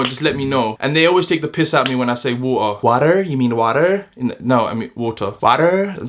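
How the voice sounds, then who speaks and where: A man from the UK with a London-leaning British accent, talking to camera in a joking, animated vlog. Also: on the high side. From United Kingdom. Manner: animated, joking, talks straight to viewers. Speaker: vlogger. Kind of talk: casual vlog monologue.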